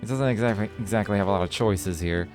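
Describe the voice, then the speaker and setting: A man's voice: on the low side, quick pace, darkish tone, soft background music. Man streamer reading game lore aloud. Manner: musing, reads lore text aloud with small stumbles. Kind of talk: let's play commentary, reading game text aloud. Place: home streaming setup.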